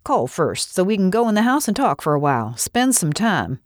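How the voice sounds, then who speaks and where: Woman voicing a gruff old farmer, grumbling. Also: lowish voice, very animated, normal speed, dry recording, clean studio sound. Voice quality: gruff, complaining. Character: gruff grumpy 84-year-old male farmer.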